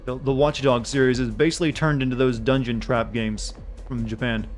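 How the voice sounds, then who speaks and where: Male streamer, casual gaming commentary, rambling, joking, mid pitch. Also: steady tone, fairly quick, faint music behind. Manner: rambling, joking, thinks aloud.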